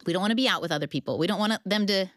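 A woman telling lively stories about motherhood as a guest in casual chat. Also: medium pitch, rapid-fire, no room sound, studio quality. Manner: animated storyteller. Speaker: guest author.

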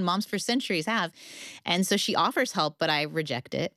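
A woman telling lively stories about motherhood as a guest in casual chat. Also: low voice, fairly quick, dry recording, clean studio sound. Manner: animated storyteller. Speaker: guest author.

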